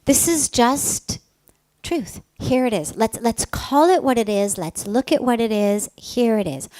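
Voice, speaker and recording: A middle-aged woman, a spiritual teacher, telling a personal story in an earnest, emphatic way that often softens to a breathy hush. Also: a little high, lively intonation, a little slow, no echo.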